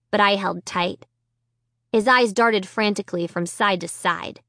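A woman narrating a children's chapter book in the first person, with tense, expressive reading. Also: mid-range voice, measured pace, no echo, studio quality. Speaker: audiobook narrator.

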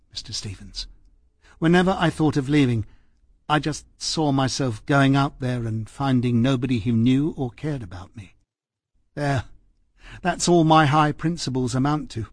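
A man's voice: mid-range voice, slightly rough, no room sound, clean studio sound, close to an everyday voice. A man voicing a weary, ashamed housekeeper woman. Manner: quiet, halting, pleading. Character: weary middle-aged female housekeeper, ashamed and hurt. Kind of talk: audiobook character voice.

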